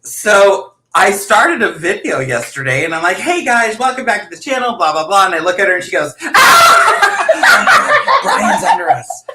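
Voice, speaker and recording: A man's voice: sits high, sing-song, a little fast, few pauses, very noisy. A man hosting a casual livestream chat, animatedly telling stories, acting out quotes and laughing often. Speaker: host. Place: room in a house. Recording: echoey room.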